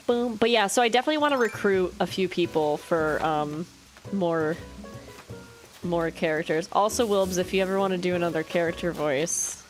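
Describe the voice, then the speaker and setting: A woman streamer chatting casually while playing a game, excitable and full of "like" and quick reactions. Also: on the low side. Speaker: live streamer.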